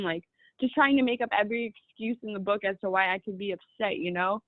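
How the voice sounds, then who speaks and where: A woman's voice: medium pitch, quick pace, no echo. Twenties, woman, casual storyteller, heavy on "like", tinny phone line. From Los Angeles, California. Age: 20s. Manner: chatty, fills speech with "like". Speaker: guest.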